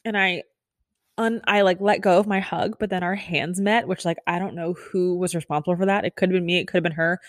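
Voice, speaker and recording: A young woman tells a story about herself in a chatty, animated way, often poking fun at herself. Her voice sits a little low. The sound is close and dry, with no room echo. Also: fairly quick. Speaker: podcast host. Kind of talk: casual storytelling.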